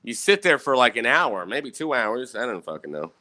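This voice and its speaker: This vlogger is a young man whose mid-range voice has a sharp tone and big pitch swings, moving at a moderate pace. He rambles through profane stories for his viewers in a laid-back storytime, frequently ending lines with "right?"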